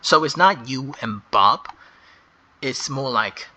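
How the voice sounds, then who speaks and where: A man teaching English grammar, explaining slowly and carefully and stressing key words. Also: mid-range voice, animated, sharp tone. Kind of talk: slow explanatory lesson.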